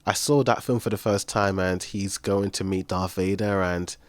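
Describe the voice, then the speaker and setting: A man co-hosting a casual podcast chat, relaxed and asking questions, often saying "fair enough". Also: low voice, normal speed, dry recording. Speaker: podcast co-host.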